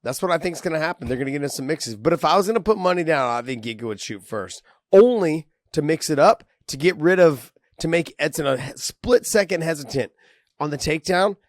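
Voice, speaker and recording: A man's voice: a little high, animated, a little fast, no echo, studio quality. A man co-hosting a casual podcast, laughing easily and talking loosely and profanely, thinking aloud. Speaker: podcast co-host. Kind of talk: casual MMA podcast chat.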